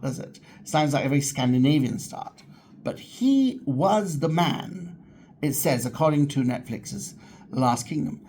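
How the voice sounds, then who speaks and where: A man's voice: medium pitch, darkish tone, slight background noise. Rambling enthusiastic man talking history. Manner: rambling, enthusiastic, frequent restarts. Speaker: channel host, history enthusiast. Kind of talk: casual talk to camera.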